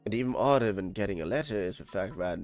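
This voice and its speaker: A man's voice: lowish voice, animated, fast, darkish tone, soft background music. A man with a German accent reading game dialogue aloud on a stream, tripping over words and swearing when annoyed.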